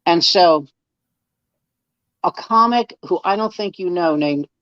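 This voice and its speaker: Speaking slowly in a high-pitched, clean-toned voice, a comedian guest recounts anecdotes casually and performs the dialogue within them, with many restarts. The recording is dry, dull, and lo-fi.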